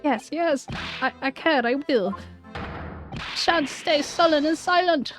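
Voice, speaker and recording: A woman's voice: high voice, slow, faint music behind, voice pushed up. A woman voicing a dramatic young male foreign student, locked in prison, with a nasal put-on British accent and gushing, alliterative speech. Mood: eager. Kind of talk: game dialogue read aloud.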